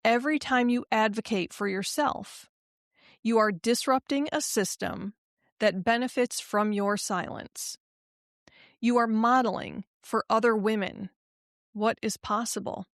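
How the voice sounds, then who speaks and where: A woman hosting a motivational podcast, speaking in an emphatic, affirming way that turns halting and emotional when she gets personal. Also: a little high, dry recording, clean studio sound. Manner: slow, emphatic, affirming delivery. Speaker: podcast host and life coach.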